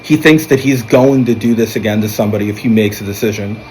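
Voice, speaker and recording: A man's voice: lowish voice, fast, a little hiss or hum, poor audio. A man recapping a film's plot in a casual, rambling way, with fillers and restarts. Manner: rambling storytelling, animated when quoting characters. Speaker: movie reviewer.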